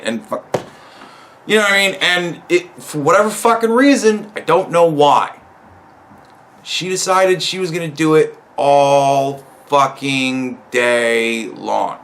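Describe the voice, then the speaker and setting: A man's voice: fairly high pitch, sharp tone. Profane, exasperated man ranting. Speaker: storyteller. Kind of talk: casual storytelling rant.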